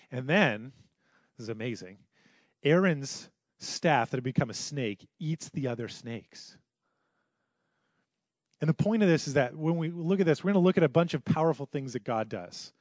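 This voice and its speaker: A man's voice: on the high side, lively intonation, normal speed, pauses often, no echo. A man preaching a sermon as pastor in a church, telling the story conversationally and acting out the quotes.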